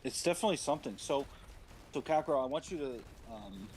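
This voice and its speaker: A man streaming from home, chatting casually and irreverently, rambling and breaking into loud put-on voices. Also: medium pitch, animated, fast talker, slight background noise.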